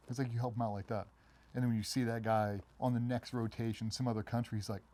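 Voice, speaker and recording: A middle-aged man, a former special operations member, telling stories in a casual interview and acting out other people's voices in a much higher pitch. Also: a little hiss or hum. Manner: fast, animated storytelling, acts out quoted voices much higher. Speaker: guest, former Navy SEAL.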